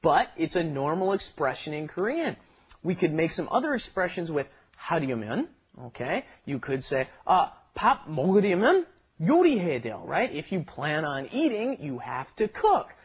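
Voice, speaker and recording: A man with a slightly husky voice co-hosts a language lesson. He talks fast and with lively, swinging pitch. His explanations are chatty and he laughs easily. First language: English. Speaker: co-host of a Korean lesson podcast.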